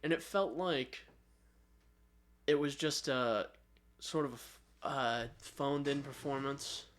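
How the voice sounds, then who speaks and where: A man co-hosting a podcast in casual chat, retelling a story with many ums and uhs and quick acted-out lines. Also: medium pitch. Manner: rambling retelling with filler ums, acts out lines. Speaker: podcast co-host.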